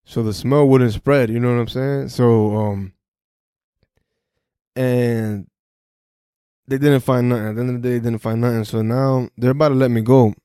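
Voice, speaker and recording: A man's voice: medium pitch, steady tone, moderate pace, long pauses, dark tone, smooth, no room sound, studio quality. A young man hosting a podcast, recounting a personal story in casual street slang, swearing freely and restarting his sentences often. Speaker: podcast host.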